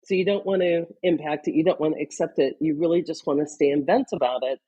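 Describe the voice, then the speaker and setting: A woman guest on a podcast interview who talks in animated, example-driven stories. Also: deep voice, quick pace, slightly rough, lo-fi sound. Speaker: guest, leadership consultant.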